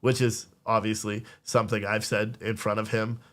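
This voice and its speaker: A man's voice: fairly low pitch, little pitch movement, normal speed, fairly bright tone. Rambling, profane podcast host man. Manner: rambling, profane, restarts and acts out family dialogue. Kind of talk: casual storytelling on a live stream.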